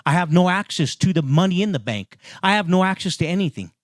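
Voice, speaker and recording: Male pastor, conversational sermon, somewhat high voice, dry close sound, emphatic repetitions. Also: animated, quick pace, dry recording. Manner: conversational preaching with frequent restarts, rising emphatic repetition.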